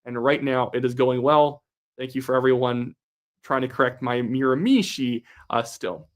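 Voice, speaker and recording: Hosting a laid-back live stream, a young man from Canada chats at a normal speed in a mid-range voice. He keeps things upbeat and reads his viewers' comments aloud.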